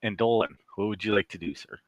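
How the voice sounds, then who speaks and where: Brief: game master, male, lowish voice, relaxed, dry close sound. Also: fast, no room sound, lo-fi sound. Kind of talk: running a tabletop game.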